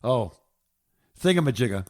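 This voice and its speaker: A man's voice: medium pitch, very animated, normal speed, no room sound, studio quality. An older man co-hosting a podcast in casual chat, often groping for words and chuckling. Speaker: podcast co-host.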